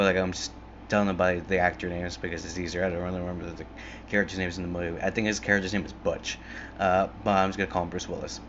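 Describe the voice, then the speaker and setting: A man's voice: sits low, a bit bright, dull audio, slight background noise. A young man in a casual, rambling monologue, filling every gap with "like" and swearing freely as he retells a film. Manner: rambling, filler-heavy, swears a lot. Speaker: movie fan retelling a film.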